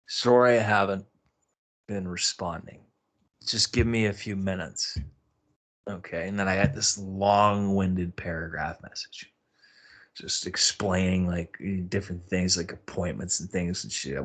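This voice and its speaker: On his podcast, a man casually recounts something that happened to him, his voice fairly bright and his pace measured. The story is laced with swearing, and his exasperated bewilderment keeps erupting into sudden high-pitched outbursts.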